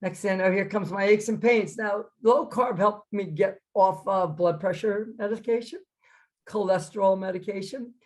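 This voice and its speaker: A woman's voice: mid-range voice, moderate pace. A middle-aged woman, a PE teacher, chatting as an interview guest and acting out her own reactions as she tells her story. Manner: animated, acts out her own reactions in quotes.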